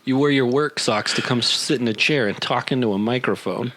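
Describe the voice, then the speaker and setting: A man co-hosting a casual podcast with his brothers, teasing and quick to joke. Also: medium pitch, fairly bright tone. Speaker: podcast co-host. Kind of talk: casual chat among brothers.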